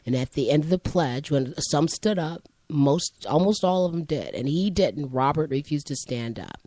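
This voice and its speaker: A woman who works as a high school teacher, chatting and telling a classroom story in a rambling way and acting out the voices in her quotes. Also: normal speed, a little mellow, dry recording. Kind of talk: conversational storytelling.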